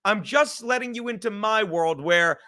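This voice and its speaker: A podcast host with a high-pitched, bright, forceful voice speaks at normal speed during a livestream. His talk is a heated, rambling, profane rant with constant swearing.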